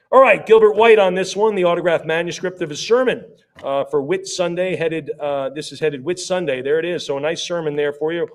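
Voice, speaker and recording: A man working as an auctioneer at a live sale, rattling off rising bids in quick repeated calls and breaking off for friendly asides about the items. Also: fairly high pitch. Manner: rapid repetitive bid calling with chatty asides.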